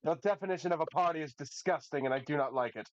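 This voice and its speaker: A man's voice: on the high side, fast, dry recording, voice pushed up, natural voice. A man puts on a fussy, disapproving young man in a tabletop game who cannot stop micromanaging and talks in a stiff, prim way. The recording is dull and lo-fi, and the sound is dry and close.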